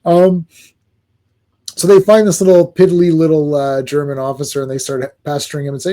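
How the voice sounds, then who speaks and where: Excitable man with a mellow voice. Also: a little high, fairly quick. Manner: excitable, animated, acts out quotes. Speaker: comic book reviewer. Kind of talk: casual video review.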